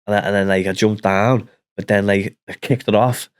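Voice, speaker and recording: A man who is a podcast guest, talking in a halting way, often stopping to restart with "like" and "you know". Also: on the low side, steady tone, smooth. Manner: halting, full of "like" and restarts, tells his story. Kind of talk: casual chat.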